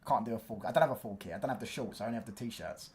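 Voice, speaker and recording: A young man hosts a football livestream, talking rapid-fire in a mid-range voice. His chat is loose and slangy, rambling along with plenty of fillers.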